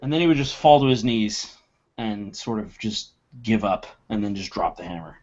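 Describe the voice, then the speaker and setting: A man playing a tabletop game, narrating his character's actions dramatically and acting out his shouts. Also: lowish voice, animated, normal speed, dull audio. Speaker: player.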